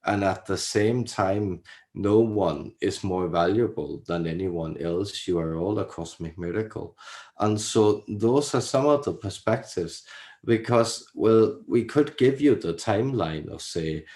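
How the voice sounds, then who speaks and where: A fatherly alien sage, as a man channels it, speaking slowly and soothingly in a put-on accent that is meant to sound Irish. The voice sits low, and it keeps stopping on gentle "well"s between phrases. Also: lightly acted. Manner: slow, pausing, many "well"s. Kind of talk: channeled spiritual message.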